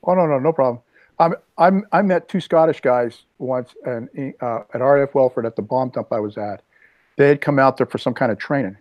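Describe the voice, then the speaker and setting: A man in his sixties hosting a casual video chat, telling rambling stories with lively asides. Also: medium pitch, fairly quick, no echo. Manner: rambling storyteller, animated asides. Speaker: host. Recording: dull lo-fi dry sound.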